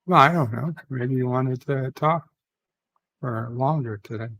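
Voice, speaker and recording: A man chatting casually as a livestream guest. He rambles along slowly and easily. His voice has a gravelly creak. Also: mid-range voice, fairly bright tone, low-quality recording. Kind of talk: casual chat.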